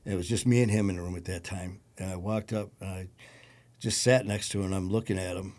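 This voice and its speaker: A man with a Detroit accent, a podcast guest recounting a personal story in a low-key, conversational way. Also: steady tone, fast, darkish tone. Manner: gravelly, low-key storytelling with acted quotes.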